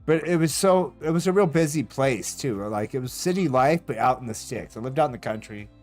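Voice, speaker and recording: A man's voice: medium pitch, a little fast, faint music behind. A man streaming a game, telling a rambling story casually, swearing often and laughing as he goes. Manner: profane, rambling, animated retelling with laughs.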